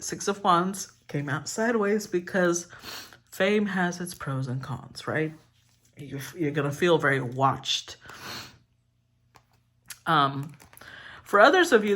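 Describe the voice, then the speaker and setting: A woman's voice: lowish voice, fairly bright tone. A woman giving a casual collective tarot reading, talking in a rambling, candid way and swearing freely. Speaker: tarot reader.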